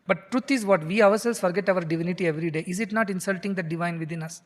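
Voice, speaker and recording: A man's voice: high-pitched, fast talker, in a large hall. A man, a spiritual teacher who chants scripture verses and then explains them earnestly. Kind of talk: scripture discourse.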